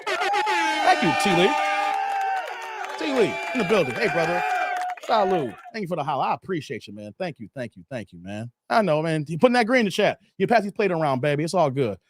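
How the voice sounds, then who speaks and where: A man in his thirties hosting a live stream, ranting bluntly and profanely, repeating himself and swinging between loud high bursts and low mutters. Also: big pitch swings, quick pace, breathy edge, some chatter behind. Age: 30s. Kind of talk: ranting commentary to a live chat.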